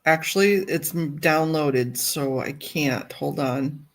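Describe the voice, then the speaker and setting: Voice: medium pitch, slow pace. A livestream host in casual chat, thinking aloud while fumbling with files on a computer.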